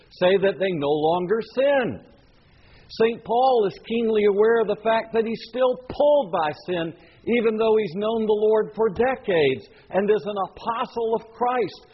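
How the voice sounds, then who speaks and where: A man's voice: high-pitched, dull audio, slight background noise. A man preaching a sermon in an earnest, emphatic way, asking the listeners questions. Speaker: pastor.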